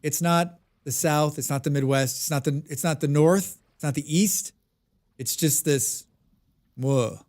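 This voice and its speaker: A man's voice: on the high side, a little slow, darkish tone. A man streaming a survival game, chatting casually with his viewers and answering their messages. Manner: chatty, reads and answers chat. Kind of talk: casual live-stream chat.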